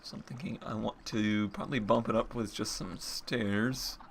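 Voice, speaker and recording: A man's voice: on the low side, steady tone, moderate pace, gravelly, noisy background. A man giving casual gameplay commentary as he builds, thinking aloud and restarting his sentences. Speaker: Minecraft let's player.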